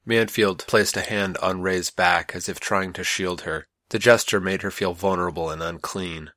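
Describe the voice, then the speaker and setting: Deep-voiced man narrating an audiobook. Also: steady tone, normal speed, hardly any pauses, pushed and bright, dry recording, clean studio sound.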